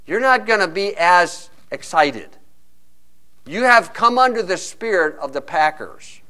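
A man preaching a sermon, telling a lively story and acting out quick asides from other people. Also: sits high. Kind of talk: sermon with a sports illustration.

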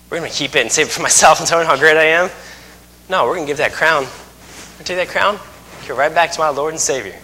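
A man's voice: on the high side, fast talker, big-room sound. A man in his thirties preaching a sermon, telling stories and acting out scenes with humor. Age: 30s. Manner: lively storytelling, acts out scenes with humor.

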